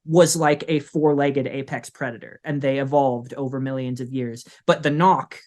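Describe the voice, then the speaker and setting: A man's voice: mid-range voice, steady tone, moderate pace, darkish tone. A man narrating as game master of a tabletop game, rambling with many fillers. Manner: rambling, full of "like" and "uh".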